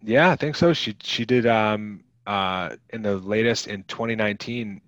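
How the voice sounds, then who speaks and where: Deep-voiced man rambling on a podcast. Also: normal speed, a bit bright, no echo. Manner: rambling, many fillers and restarts. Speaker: podcast co-host. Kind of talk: casual movie podcast chat. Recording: dull lo-fi podcast mic.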